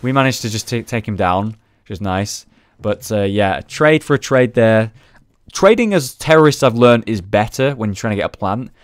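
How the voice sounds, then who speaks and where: A man's voice: on the low side, lively intonation, moderate pace, no room sound, clean studio sound. A young man chatting casually over gameplay footage, recapping rounds and swearing freely. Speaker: gaming video host.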